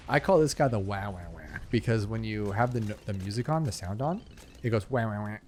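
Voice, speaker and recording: A young gaming channel host with a fairly low, darkish voice chats a little fast with lively intonation as he plays through a video game. His rambling talk is packed with fillers and asides, and there's a faint hiss or hum in the background.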